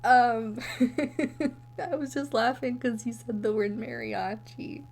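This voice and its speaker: A woman's voice: a little high, steady tone, takes it slowly, vocal fry, darkish tone, slight background noise. A young woman co-hosting a podcast in casual chat, giggly and easily amused, telling meandering stories. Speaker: podcast co-host.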